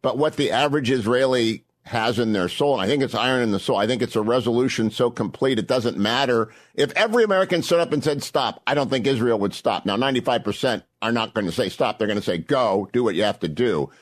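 A man's voice: medium pitch, animated, quick pace, few pauses. A man hosting a radio talk show, asking pointed questions in a blunt, opinionated way. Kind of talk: radio interview.

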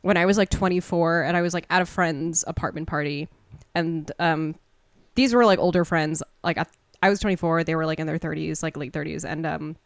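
A woman's voice: deep voice, steady tone, brisk, no room sound. A young woman talking candidly in a casual podcast chat, swearing, laughing and using lots of filler words. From Korean and Chinese heritage. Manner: candid, profane, laughs often, many "like" fillers.

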